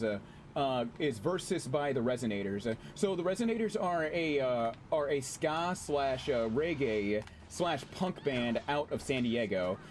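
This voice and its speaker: A man streaming a game, chatting casually with his audience in an excitable, chatty way and swearing freely. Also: medium pitch, slight background noise. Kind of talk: casual gameplay commentary.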